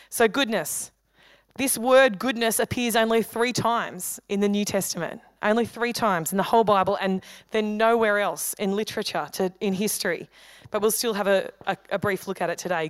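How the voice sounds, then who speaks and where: Woman pastor, smooth clear voice, dry close sound, chatty joking sermon delivery. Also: mid-range voice, no echo. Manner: conversational, humorous preaching with quick asides. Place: church hall.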